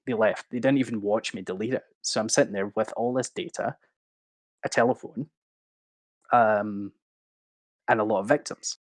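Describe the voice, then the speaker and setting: Man, 30s, livestream guest, lively anecdotes, lowish voice, dry sound. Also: moderate pace, pauses often, no room sound. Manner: animated anecdote-telling, swearing, acting out quotes. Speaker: guest speaker. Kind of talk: casual storytelling on a livestream.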